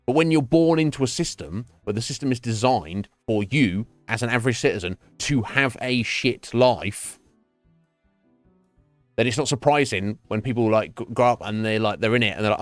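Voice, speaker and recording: A man's voice: mid-range voice, expressive, moderate pace, dry recording, soft background music. A man livestreaming a game from home, ranting in casual chat, swearing freely, repeating words and laughing often. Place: home streaming setup.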